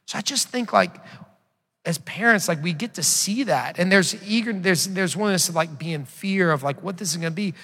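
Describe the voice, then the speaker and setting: A man's voice: on the high side, expressive, fairly quick, pushed and bright, slightly rough. A man in his thirties preaching a sermon, talking to the congregation in a conversational way and telling stories with quoted dialogue. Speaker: pastor. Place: church sanctuary. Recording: long hall reverb.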